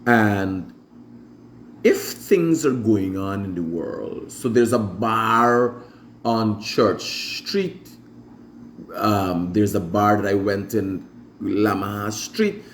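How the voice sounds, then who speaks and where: A man's voice: on the low side, lively intonation, slow, fairly bright tone, a little hiss or hum. A Guyanese man hosting a live morning show, telling stories animatedly and imitating his mother. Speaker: show host. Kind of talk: casual storytelling monologue.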